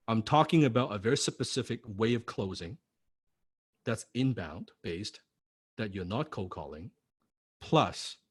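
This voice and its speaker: A mid-range voice with a breathy edge belongs to a course instructor giving a recorded lecture. He teaches bluntly and punchily, rattling off rhetorical questions and checking "right?" after each point, with the odd swear word for emphasis.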